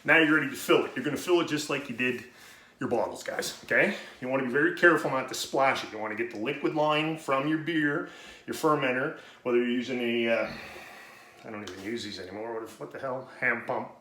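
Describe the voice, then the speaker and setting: Homebrew dude explaining stuff, out of breath, swears a lot, sharp bright voice, echoey room. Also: male voice, mid-range voice, brisk. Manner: rambling, profane, self-interrupting. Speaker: home brewing video host. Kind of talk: casual how-to demonstration. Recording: roomy echoey room, faint noise.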